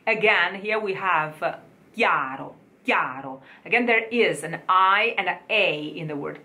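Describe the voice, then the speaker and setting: A woman teaching diction to singers in an online lesson, slowly repeating words for the listener to copy. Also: mid-range voice, sharp tone.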